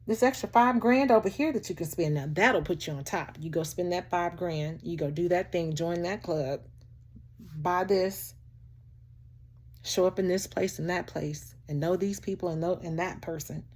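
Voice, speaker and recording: A woman vlogger giving a heartfelt motivational talk to camera, animated and preachy, often laughing and calling the listener "child" and "baby". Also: lowish voice, moderate pace.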